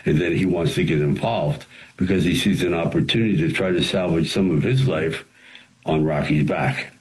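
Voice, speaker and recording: A man, an actor and screenwriter, telling studio stories as an interview guest in an animated way, with frequent restarts. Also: sits low, moderate pace, poor audio. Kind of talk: anecdotal storytelling.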